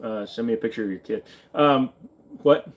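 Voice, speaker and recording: A man's voice: mid-range voice, moderate pace. A man from Virginia casually answering live chat questions, offhand and swearing freely, while sitting in a friend's pawn shop.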